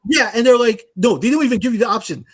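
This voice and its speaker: A man's voice: very high voice, animated, racing, breathy edge. A young man co-hosting a casual gaming podcast, ranting animatedly with laughs and acted-out quotes. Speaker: podcast co-host.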